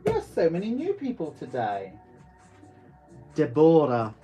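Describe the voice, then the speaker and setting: A man's voice: fairly high pitch, wildly swooping pitch, unhurried, lo-fi sound, soft background music. A man with a West Country accent chatting casually on a live stream as an online shop owner, reading viewer comments aloud and laughing often. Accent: West Country English.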